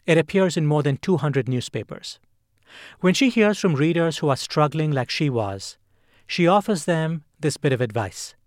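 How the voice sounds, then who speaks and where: Man with a slightly high voice hosting. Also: expressive, moderate pace, no room sound, clean studio sound. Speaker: podcast host. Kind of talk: scripted narration.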